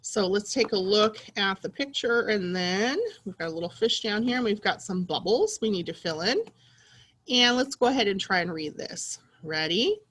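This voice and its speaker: Husky, sing-song woman teacher. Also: medium pitch, lively intonation, a bit bright. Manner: slow, sing-song, encouraging teacher talk. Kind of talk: reading lesson for young children.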